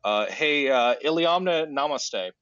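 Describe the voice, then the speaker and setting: A man's voice: mid-range voice, lively intonation, unhurried, a bit bright, clear, resonant tone, dry recording, highs cut off, voice pushed up. A man voicing a bluff, overconfident male commander who talks in an offhand, breezy way.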